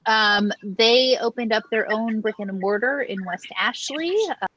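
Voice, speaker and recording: A chatty woman co-hosting a casual local food news show, filling gaps with ums and uhs. Her voice sits a bit high. The sound is dull and lo-fi, with a dry, close room. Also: measured pace, fairly bright tone, no echo. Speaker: podcast co-host.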